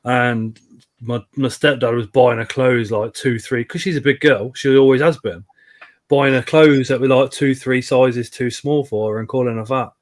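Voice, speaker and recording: A man's voice: medium pitch, moderate pace. Sweary man telling stories. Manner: blunt, sweary, animated anecdotes. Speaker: live stream host. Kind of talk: casual storytelling chat.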